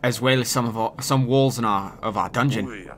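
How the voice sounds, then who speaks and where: A man's voice: medium pitch, moderate pace, fairly bright tone, a little hiss or hum, lightly acted. A man voicing a grumbling male peasant in a game, with a put-on West Country English accent and a gloomy, mumbling delivery.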